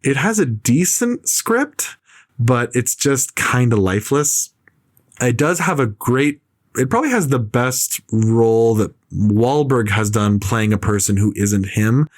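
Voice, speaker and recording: A man's voice: mid-range voice, animated, measured pace, no echo, clean studio sound. A man ranting in casual podcast chat, opinionated and rambling, with lots of "like" fillers. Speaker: podcast co-host.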